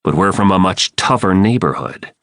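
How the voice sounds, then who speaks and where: A man voicing a calm, firm teenage boy who leads the group in an audiobook, speaking tersely. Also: deep voice, moderate pace, no room sound, studio quality. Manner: terse, commanding.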